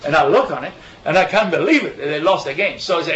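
High bright man, echoey lo-fi room. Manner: halting, many repeated fillers and restarts. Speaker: bible study speaker. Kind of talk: informal bible talk with anecdotes. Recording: echoey room, dull lo-fi sound.

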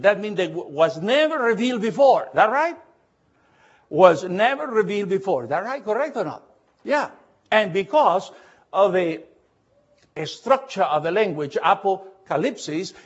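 A man with a high, husky voice leads a Bible study lecture. He talks earnestly and haltingly, stops often to ask whether his listeners follow, and spells out Greek letters slowly. The recording sounds dull and lo-fi. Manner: earnest, halting, often checks understanding with questions.

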